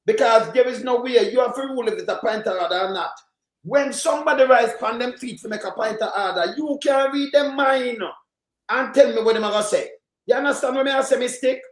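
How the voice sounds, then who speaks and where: A man's voice: extremely high pitch, a little fast. A Jamaican man hosting a casual political commentary show, rambling and emphatic in heavy patois. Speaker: host. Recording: echoey room.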